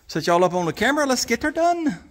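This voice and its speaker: Man, garage vlog host, breathy, lively pitch, talks in a folksy ramble. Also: fast talker. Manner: folksy drawl, rambling and self-deprecating. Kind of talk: casual workshop vlog. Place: home garage.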